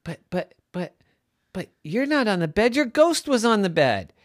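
A storyteller voicing a startled, curious young mother with high squealing questions and stammers. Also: sing-song, normal speed, a bit bright, no echo, studio quality. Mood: puzzled.

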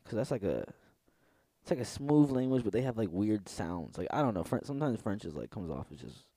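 A man's voice: on the low side, sing-song, a little fast, mellow, no echo. A young man co-hosting a podcast, rambling casually with swearing and frequent self-interruptions. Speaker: podcast co-host. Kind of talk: casual chat.

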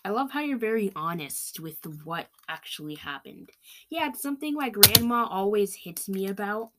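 A woman's voice: medium pitch, lively intonation, moderate pace, bright, forceful tone, a little hiss or hum. A woman hosting a joke quiz show and playing the contestants herself, in a jokey manner. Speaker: host of a mock quiz show. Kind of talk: comedic sketch, one person playing all contestants.

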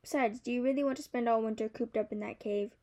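A woman voicing a small, chatty female paper bird who frets and scolds in a high, chirpy voice. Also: steady tone, quick pace, warm tone, lightly acted. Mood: stern. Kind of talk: audiobook character voice.

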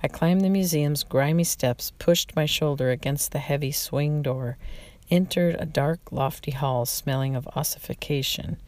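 A narrator reading a memoir aloud in a slow, reflective way, often stumbling and restarting words. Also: mid-range voice, darkish tone, dry recording.

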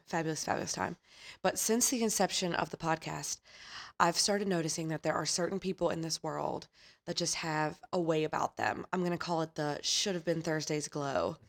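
A woman co-hosting a casual podcast, retelling a friend's story. She speaks in a slightly low register. Her delivery is animated and chatty, with frequent laughs and casual swearing. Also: moderate pace, creaky. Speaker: podcast co-host.

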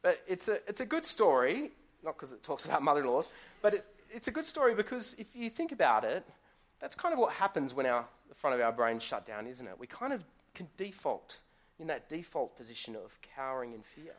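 A man's voice: a little high, sing-song, brisk. Guest pastor, male, chatty live church sermon full of rhetorical questions. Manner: conversational storytelling with rhetorical questions.

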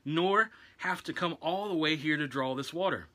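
Bold questioning woman at a well, a guy reading her in a higher voice, bright tone. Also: normal speed. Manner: read aloud with a raised pitch.

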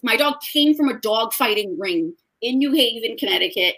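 A woman's voice: high-pitched, moderate pace, slightly rough. Tearful young woman telling an emotional story. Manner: emotional, tearful storytelling with lively quoted voices. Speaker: guest, dog owner. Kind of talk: casual video-call interview.

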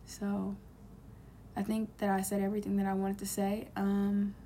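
A woman's voice: mid-range voice, completely flat delivery, moderate pace, mellow, slight background noise. A young woman giving an earnest, rambling, heartfelt self-help monologue.

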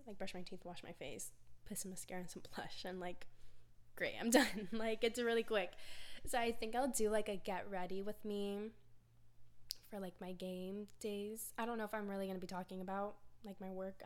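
A young woman hosts her own podcast episode, speaking in a loose, rambling confessional way. She restarts sentences often and fills gaps with casual filler words. Her voice sits in an ordinary middle range for a woman. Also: mid-range voice. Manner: rambling, filler-heavy, candid and emotional. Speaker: podcast host. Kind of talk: casual personal monologue.

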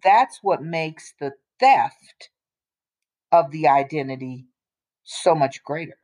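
A woman with a fairly low voice co-hosts a casual talk show. She speaks bluntly and with emphasis, slowing down to drive her points home. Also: lively intonation, darkish tone. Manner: emphatic, blunt, drops into slow deliberate points. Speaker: co-host. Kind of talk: casual opinion chat.

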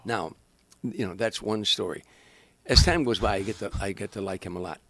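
A man's voice: lowish voice, brisk, no room sound. An older man, a comedian, telling show-business stories in casual conversation and acting out the people in them. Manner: animated, acts out voices, frequent restarts. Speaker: guest comedian. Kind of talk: casual anecdotal storytelling.

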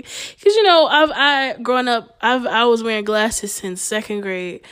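A woman's voice: medium pitch, animated, brisk, hardly any pauses, fairly bright tone. A young adult woman in a casual chat, who rambles, hesitates and leans on fillers as she tells her own stories and asks questions. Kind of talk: casual conversation.

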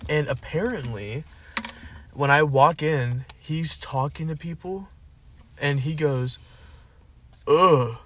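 A man's voice: fairly high pitch, takes it slowly, a bit bright, a little hiss or hum. A young man co-hosting a casual podcast, telling a rambling story full of likes and rights, recorded in a car. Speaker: podcast co-host.

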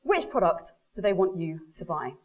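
A woman's voice: fairly low pitch, moderate pace, muffled recording. A woman giving a marketing talk to a live audience, telling stories and acting out quoted voices. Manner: lively storyteller, quotes people in animated voices.

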